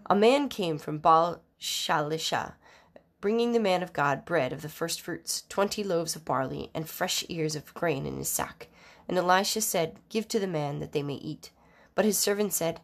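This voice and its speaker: Lady reading bible passages out loud, lowish voice, steady formal delivery, trips on a word now and then. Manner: measured, formal reading with occasional slips and restarts. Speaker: scripture reader.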